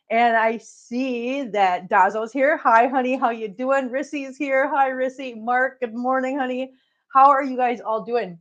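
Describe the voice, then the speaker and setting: A woman's voice: high voice, normal speed, muffled recording. A middle-aged woman chatting casually on a home livestream, greeting viewers by name as she talks. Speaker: cat channel host.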